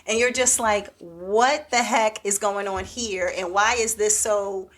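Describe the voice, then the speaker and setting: Woman rambling through a show recap on a podcast, animated, lots of "like", mid-pitched voice. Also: unhurried. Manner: animated storyteller recapping a TV plot, acting out quoted lines; rambling, with many "like" and "so anyway" fillers. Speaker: podcast co-host. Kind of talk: casual chat.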